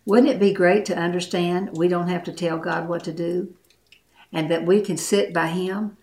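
A woman's voice: on the low side, steady tone, normal speed, darkish tone. A middle-aged woman preaching a sermon, earnest and emphatic, repeating her key phrases. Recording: echoey room.

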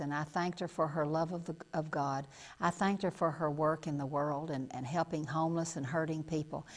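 Woman, TV preacher, folksy, emphatic, repeats phrases, middle-aged. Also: fairly low pitch. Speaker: TV preacher, program host. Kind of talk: televised sermon.

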